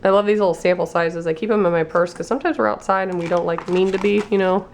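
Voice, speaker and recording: A woman's voice: lowish voice, fairly even intonation, fast. A woman vlogger losing her voice, chatting casually through a beauty box unboxing and reading labels aloud.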